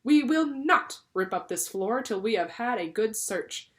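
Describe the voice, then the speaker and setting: A woman's voice: on the high side, lively intonation, measured pace, voice pushed up. Stern storybook dad, firm and commanding, read by a woman. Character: stern, pompous middle-aged human father.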